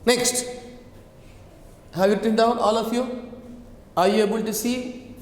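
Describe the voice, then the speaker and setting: A male teacher giving a classroom lecture, dictating slowly and repeating key terms, and often checking on his students with "okay" and "right.". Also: sits high, steady tone, reverberant, big-room sound.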